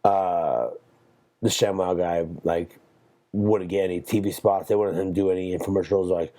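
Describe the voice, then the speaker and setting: A man's voice: low-pitched, steady tone, moderate pace, dark tone. A young man hosting a solo podcast, rambling and swearing through a jokey, meandering monologue. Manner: profane, meandering, jokey storytelling. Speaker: podcast host.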